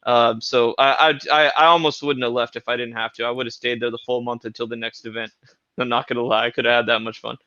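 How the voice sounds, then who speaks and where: Laid back guy on a podcast, flat monotone but bright and smooth, muffled dry mic. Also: medium pitch, quick pace, no echo. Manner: laid-back, laughing storyteller. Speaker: guest. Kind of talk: casual podcast banter.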